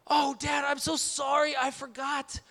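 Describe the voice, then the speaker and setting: A man's voice: extremely high pitch, completely flat delivery, measured pace, vocal fry, sharp tone, pitched above the performer's own voice, heavily acted. A man putting on the voice of his demanding three-year-old daughter in a pleading, sing-song way.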